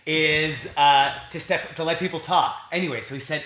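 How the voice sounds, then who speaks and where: A man's voice: a little high, moderate pace, hardly any pauses, pushed and bright, echoey room. A man telling rambling, self-deprecating, crude stories in a casual comedy chat. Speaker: co-host, magician.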